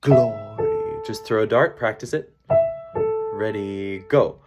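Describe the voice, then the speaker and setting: A man's voice: lowish voice, slow pace. A man leading a choir rehearsal, counting beats aloud and demonstrating vocal sounds. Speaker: choir director. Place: rehearsal room with piano. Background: loud piano.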